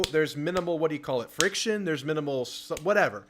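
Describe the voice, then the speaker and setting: A man's voice: fairly high pitch, expressive, fast talker, noisy background. A man hosting a sports call-in show, talking casually with blunt, enthusiastic energy.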